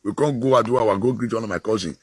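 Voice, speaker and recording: A man with a Nigerian accent giving an emphatic moral talk in an animated way. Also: fairly low pitch, fast, breathy edge, no room sound.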